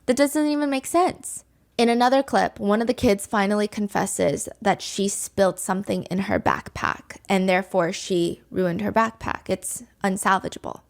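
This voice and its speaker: A woman's voice: mid-range voice, moderate pace, vocal fry. A woman hosting a reaction commentary show, speaking in an indignant, sarcastic, conversational way. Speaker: commentary host.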